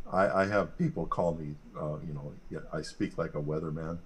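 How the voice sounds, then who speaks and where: A man's voice: extremely low pitch, a little slow, slight background noise. A man joining a casual video call with brief remarks. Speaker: participant.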